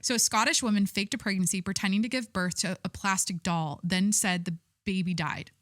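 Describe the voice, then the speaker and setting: A young woman hosts a solo podcast, chatting loosely and reading a news story aloud. She is irreverent and rambling, with plenty of likes and restarts. Her voice sits at an everyday middle pitch, and the sound is close and dry. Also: steady tone, fairly quick, no echo. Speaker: podcast host.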